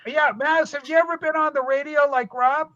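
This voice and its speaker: A man hosting a casual livestream chat, bossy and animated as he steers the talk. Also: very high voice, brisk, no room sound, dull audio. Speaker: livestream host.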